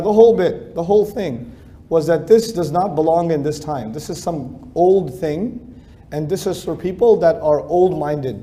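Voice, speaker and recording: A middle-aged man lectures in a conversational way, often repeating phrases to drive a point home. His voice is mellow and warm, pitched a little high for a man. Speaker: speaker giving a talk.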